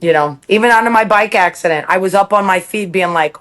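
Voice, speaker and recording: A woman's voice: fairly low pitch, steady tone, fairly quick, few pauses. A woman as a podcast guest, speaking candidly and reflectively, laughing between thoughts and quoting her own self-talk.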